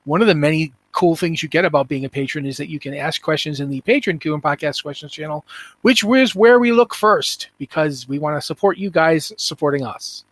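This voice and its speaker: Host, man, slightly high voice, dry close mic, animated and rambling. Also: quick pace, hardly any pauses, no echo. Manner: animated, rambling, self-interrupting. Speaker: podcast host. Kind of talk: casual podcast chat.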